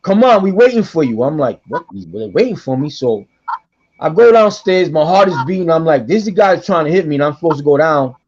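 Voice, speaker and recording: A middle-aged man tells a story on a podcast, keeping it lively and playing every voice in it himself. His voice sits high for a man, and the recording sounds dull and lo-fi. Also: a little fast. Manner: animated, acts out quoted voices, repeats himself. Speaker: guest storyteller.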